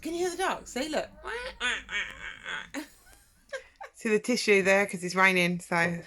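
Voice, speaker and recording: A woman's voice: mid-range voice, big pitch swings, slow pace, bright, forceful tone. Chatty woman vlogging on a boat. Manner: chatty, rambling, laughs often, anxious worries. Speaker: vlogger host. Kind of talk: casual chat to camera. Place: inside a narrowboat.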